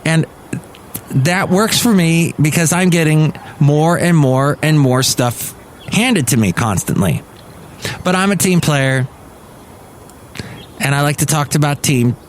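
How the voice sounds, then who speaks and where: A man's voice: on the high side, expressive, takes it slowly, pauses often, slight background noise. An American man hosting a casual solo podcast, rambling enthusiastically and correcting himself as he goes. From United States. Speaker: podcast host and talk radio worker.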